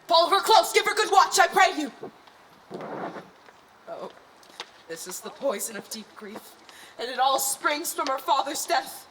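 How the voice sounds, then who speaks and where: A woman's voice: high voice, very animated, measured pace, long pauses, slight background noise, full character voice, rough recording. A woman acting a worried king in a Shakespeare staging, urgent and commanding. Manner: urgent, swinging from hushed to commanding. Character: troubled, anxious king.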